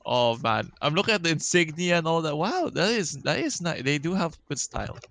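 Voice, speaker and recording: A young man on a casual podcast who asks curious questions and jokes around, laughing easily. His delivery is relaxed and conversational. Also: fairly high pitch, gravelly. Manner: playful, curious, quick to laugh. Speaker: podcast co-host. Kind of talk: casual chat.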